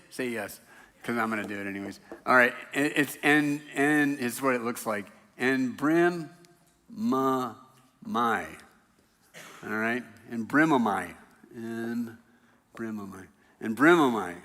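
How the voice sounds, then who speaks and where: A man's voice: mid-range voice, bright, forceful tone, long reverb tail. A man preaching a sermon in a church, talking in a loose, conversational way with self-deprecating jokes. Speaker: pastor. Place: church sanctuary.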